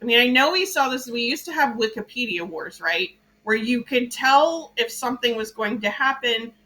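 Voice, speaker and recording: A woman from Louisiana leads a casual political talk show with a bright, forceful voice. She is animated and chatty and laughs easily at her own quips. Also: a little high, moderate pace, low-quality recording. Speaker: podcast host.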